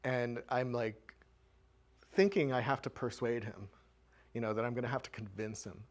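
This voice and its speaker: A man's voice: mid-range voice, moderate pace. A man presenting at a community show-and-tell, telling a candid personal story to a live audience in a conversational way with frequent filler words.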